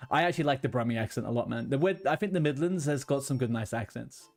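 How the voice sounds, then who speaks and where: Guy streaming from his room, chatty, ranty, swears a lot, mid pitch, bit of music behind. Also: fast talker, few pauses, darkish tone. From London, England. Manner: chatty, ranting, swears freely. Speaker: livestreamer. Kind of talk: casual chat with viewers. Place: home room with a blue wall.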